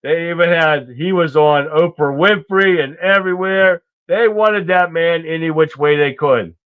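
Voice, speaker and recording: Casual male streamer, high-ish voice, blunt and indignant, rambles and swears, muffled audio. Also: unhurried, smooth, no echo. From United States. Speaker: political livestream host. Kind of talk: casual political commentary.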